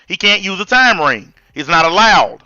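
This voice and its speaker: A man's voice: sits high, very animated, normal speed, pushed and bright, no room sound, muffled recording. A man in his forties with a Southern US accent, hosting a live-stream debate and ranting bluntly with heavy profanity. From American South. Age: 40s. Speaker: channel host.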